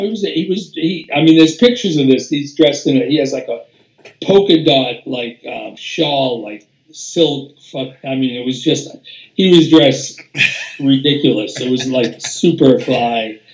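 A man's voice: medium pitch, unhurried. An older man, a music producer, telling casual anecdotes as an interview guest, rambling with restarts, fillers and swearing. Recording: roomy echo.

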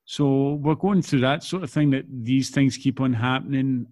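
A man's voice: mid-range voice, normal speed, a little mellow, no room sound. Man talking earnestly, dry close sound. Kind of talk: casual chat.

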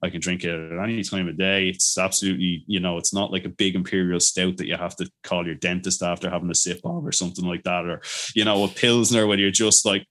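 Male interview guest with a lowish voice, keen storyteller, rambling and animated. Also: quick pace. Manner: enthusiastic storyteller, many fillers and restarts, animated quoted voices. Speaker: brewery owner, guest. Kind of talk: casual interview chat.

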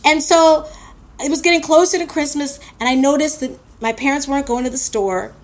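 A woman from Queens, telling a personal story in a blunt, animated way and swearing freely. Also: high voice, fairly quick. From Queens, New York.

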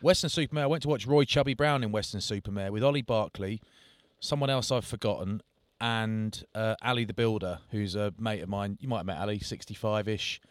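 A man's voice: fairly low pitch, brisk, hardly any pauses, dry recording. A middle-aged man co-hosting a podcast, telling self-mocking stories in casual chat. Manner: jokey storytelling, self-mocking. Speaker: podcast co-host.

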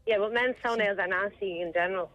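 A woman's voice: medium pitch, fast talker, a bit bright, dry recording, highs cut off. An Irish woman calling in to a radio show, chatting frankly and easily. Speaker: caller. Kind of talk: casual phone-in chat.

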